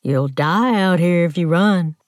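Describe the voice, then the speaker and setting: A woman reading as a rough backwoods man, a captor who speaks low and mean and croons with false sweetness. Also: measured pace, no room sound, clean studio sound, close to an everyday voice. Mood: menacing.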